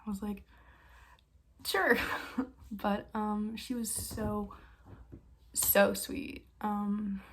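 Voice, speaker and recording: A young woman vlogger telling stories in a casual, excitable way, with quick bursts and frequent laughs. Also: medium pitch, a little hiss or hum. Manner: excitable, fast bursts, lots of likes and laughs. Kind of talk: casual storytime chat.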